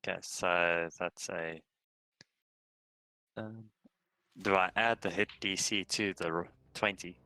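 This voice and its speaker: Deep, slow-talking man player. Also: fairly even intonation, sharp tone, clear, resonant tone, no room sound, rough recording. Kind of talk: casual chat in a tabletop game.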